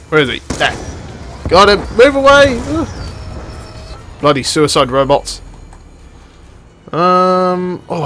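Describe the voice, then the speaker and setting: A young man giving live commentary while playing a shooter, excitable and jokey, swearing and yelping when he gets hit. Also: on the high side, a little hiss or hum. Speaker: gaming channel host.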